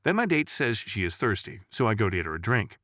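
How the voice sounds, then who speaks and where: A man reading jokes aloud in a lively, storytelling way. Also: fairly low pitch, fast talker, dry recording, studio quality. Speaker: joke narrator. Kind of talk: scripted joke reading.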